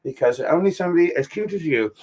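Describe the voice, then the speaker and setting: A man's voice: a little high, lively intonation, fast talker, darkish tone. A man singing a jokey folk song full of chicken clucking over guitar, then chatting and cooing at his cat. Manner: jokey, sings chicken noises, coos baby talk at a cat. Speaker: host.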